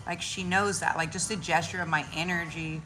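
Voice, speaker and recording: Animated slangy woman, bright voice. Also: on the low side, brisk, soft background music. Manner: loose, slangy, swears casually. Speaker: spiritual content creator. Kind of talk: casual spiritual chat.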